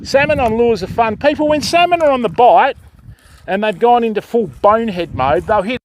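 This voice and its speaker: An older Australian man with a fairly high voice talks casually to his livestream viewers from the beach, explaining each step and greeting people by name. The outdoor recording has a faint hiss of background noise behind him. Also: expressive, moderate pace. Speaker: fishing livestream host.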